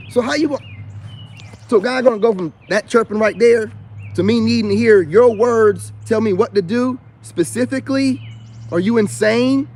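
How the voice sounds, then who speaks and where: Boastful, defiant man with a high voice. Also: darkish tone. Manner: repeats filler asides often. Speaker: self-styled life coach vlogger. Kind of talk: unscripted rant to camera.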